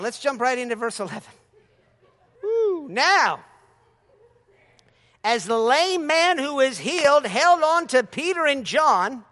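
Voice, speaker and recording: A male preacher with a very high, bright, sharp voice. He delivers a lively sermon, laughs freely and breaks into hallelujahs. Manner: animated, laughing often, exclaims hallelujah.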